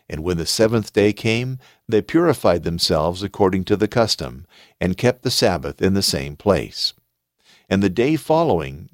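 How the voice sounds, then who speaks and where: A man reading scripture aloud in a slow, solemn, deliberate manner. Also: fairly low pitch, no echo, clean studio sound. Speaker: scripture reader.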